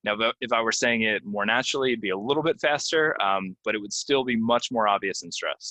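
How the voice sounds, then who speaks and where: Low bright-voiced teacher. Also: male voice, no echo. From United States. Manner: slow, stressed model pronunciations with many ums. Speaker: English pronunciation teacher. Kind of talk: casual spoken lesson to learners.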